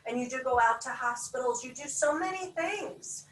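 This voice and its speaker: A woman's voice: high-pitched, expressive, normal speed, roomy sound, distant mic, rough recording. A woman hosting a talk show, introducing and interviewing a guest in an enthusiastic, laughing manner. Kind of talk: upbeat interview.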